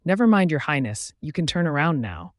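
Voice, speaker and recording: A gentle young woman with scars on her face, soft-spoken and grateful, as a male reader puts her on. She speaks in a rather high, subdued voice in a werewolf audiobook. The recording is close and dry. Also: very animated, brisk, no room sound. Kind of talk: audiobook narration.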